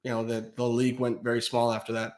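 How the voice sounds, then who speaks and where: A man co-hosting a casual sports podcast, telling stories with lots of energy, acting out quotes and laughing as he goes. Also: fast talker. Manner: animated storytelling, acts out quotes in a high voice, laughs often. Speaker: podcast co-host.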